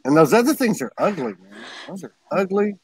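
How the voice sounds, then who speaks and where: A man's voice: sits high, sing-song, a little fast, husky, no room sound, poor audio. Man, show host, casual livestream chat, rambling, laughs a lot, dry close sound.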